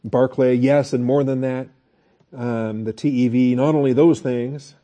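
A man's voice: medium pitch, steady tone, a little slow, mellow, highs cut off. A man teaching a Bible study lecture in a conversational way, asking the class questions and restarting his sentences.

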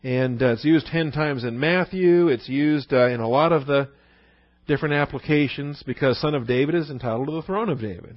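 A man's voice: medium pitch, fairly quick, dry recording, muffled recording. A man preaching a sermon as a pastor, talking in a conversational way and asking rhetorical questions.

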